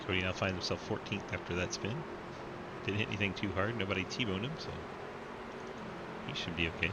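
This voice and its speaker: Laid-back low-voiced racing commentator. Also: male voice, steady tone, brisk, very noisy. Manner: joking, laughs often. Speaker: race commentator. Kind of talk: sim racing play-by-play commentary.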